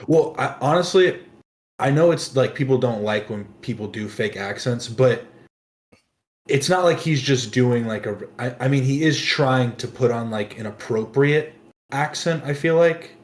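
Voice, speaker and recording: A man talks through his thoughts on a reaction stream in a hesitant, stop-start way. His voice sits in a middle pitch. The room around him sounds echoey. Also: measured pace. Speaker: guest panelist. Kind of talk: casual reaction chat.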